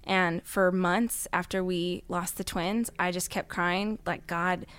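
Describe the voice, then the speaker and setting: A woman telling a heartfelt personal story in a studio interview, dropping to hushed tones when she quotes others. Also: fairly low pitch, fairly even intonation, takes it slowly, smooth. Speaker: guest author.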